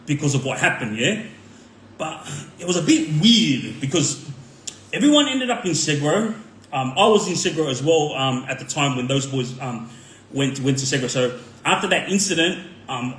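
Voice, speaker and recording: An Australian man and former inmate, his medium-pitched voice fairly bright, tells prison stories in a loose, rambling way in a reverberant space with slight background noise. His talk is packed with street slang and fillers like "like" and "um."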